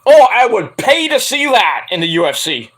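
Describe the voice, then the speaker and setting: Hoarse guy rambling through wrestling news on his stream, high lively voice, swears a lot, cracks jokes. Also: normal speed. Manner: rambling, joking, profane. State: hoarse from screaming. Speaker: stream host.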